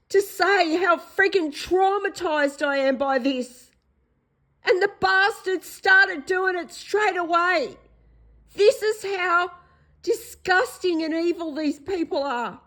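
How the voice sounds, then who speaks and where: An Australian woman vlogger delivers a distressed personal monologue, upset and pleading, repeating herself as her voice grows hoarse. She speaks slowly in a very high-pitched, a bit bright voice, and the audio is poor.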